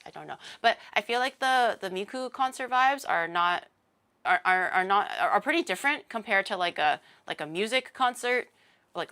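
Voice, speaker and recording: Bright, rambling woman streamer. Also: mid-range voice. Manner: rambling, joking, self-mocking; sarcastic and blunt. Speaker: VTuber streamer. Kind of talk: casual stream chat.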